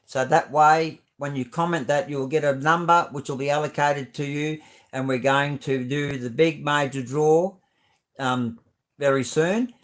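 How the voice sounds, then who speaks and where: A man's voice: on the high side, steady tone, a little slow, a bit bright. An Australian man hosting a live stream, chatting casually as he reads out viewer comments, rambling and friendly with plenty of fillers and restarts.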